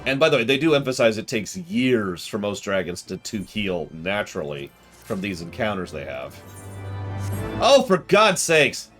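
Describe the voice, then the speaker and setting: A man streaming a game, chatting casually and retelling scenes with quick mock voices and exasperated outbursts. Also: sits low, soft background music. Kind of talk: casual let's-play commentary.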